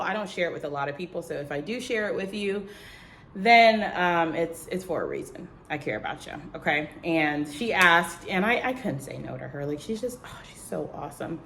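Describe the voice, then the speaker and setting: A young woman vlogging to the camera in casual chat, telling a lively story and acting out what others said in a higher voice, checking in with "okay?" as she goes. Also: normal speed, a little hiss or hum. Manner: animated storytelling, acts out quotes in a high voice; talks straight to viewers, tags lines with "okay?" and "girl".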